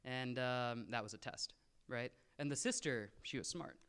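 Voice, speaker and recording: A man's voice: medium pitch, normal speed, a bit bright, smooth. A young man telling stories casually to a live convention audience, with jokey, slangy, self-mocking asides. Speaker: convention presenter. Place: convention room, in front of an audience.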